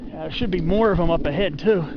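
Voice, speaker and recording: A man's voice: high voice, quick pace, lo-fi sound, background noise. A man filming himself on a forested mountain hike, talking to the camera with enthusiastic, gushing praise for the trees as he walks. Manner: enthusiastic, gushing over the trees, talks to the camera while walking. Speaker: hiker filming his hike. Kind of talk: casual hiking vlog narration. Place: outdoors on a forested mountain trail.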